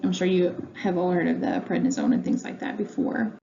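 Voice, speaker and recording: This pharmacy instructor speaks low, gravelly and mellow, yet she's very animated and brisk as she lectures from home. Ums and uhs pepper her conversational delivery, and the recording is dull, lo-fi and faintly noisy.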